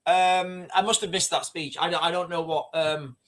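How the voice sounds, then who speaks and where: A man's voice: fairly high pitch, fairly even intonation, normal speed. A man hosting a casual livestream, rambling and repeating himself as he reads out viewer comments. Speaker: livestream host.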